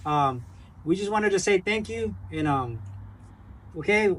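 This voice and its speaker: A small business owner giving a chatty, rambling thank-you message full of fillers. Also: male voice, high-pitched, lively intonation, unhurried, a bit bright, a little hiss or hum, low-quality recording.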